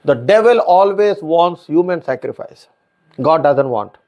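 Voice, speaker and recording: High-voiced man preaching emphatically. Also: animated, a little slow, muffled recording. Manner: emphatic, repeats phrases, frequent hallelujahs. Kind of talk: sermon.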